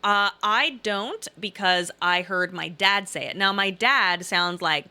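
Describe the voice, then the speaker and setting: A woman's voice: on the low side, unhurried, few pauses, sharp tone, clear, resonant tone. A middle-aged woman from Southern Illinois with a faint Southern Illinois accent, rambling emphatically and repeating herself in casual live-stream chat while reading out comments.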